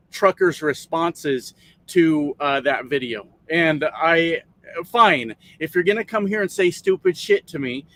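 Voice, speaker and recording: Profane rambling trucker streamer. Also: male voice, on the high side, a bit bright. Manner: profane, rambling, reads out chat names. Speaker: trucker livestream host. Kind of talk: casual livestream chat. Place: parked truck sleeper cab.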